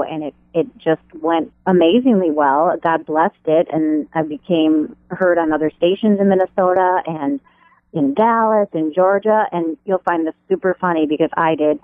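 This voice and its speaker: A middle-aged woman from the American Upper Midwest, a writer of radio devotionals, chats animatedly at a normal pace as a phone interview guest from her home. She laughs easily and her pitch jumps when she gets excited. The telephone line sounds tinny, with no room sound.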